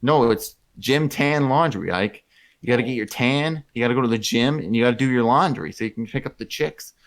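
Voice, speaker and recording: A man's voice: mid-range voice, a little fast. A young man co-hosting a casual, joking podcast chat. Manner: joking, playful, does silly voices. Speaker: podcast co-host.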